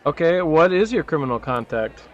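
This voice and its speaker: A man's voice: a little high, expressive, fairly quick, lo-fi sound. A young man acting as game master, laid-back and laughing often as he runs a tabletop game.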